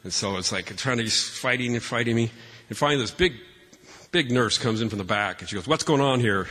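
Speaking fairly quickly in a sharp, mid-range voice, a man tells an audience funny stories about his family, chatty and self-mocking, often restarting sentences. A large hall gives the personal storytelling talk a long reverb.

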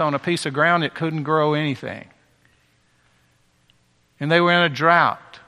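A man's voice: fairly high pitch, steady tone, normal speed, long pauses, pushed and bright. A man preaching a sermon with impassioned, emphatic repetition, heard in a large hall.

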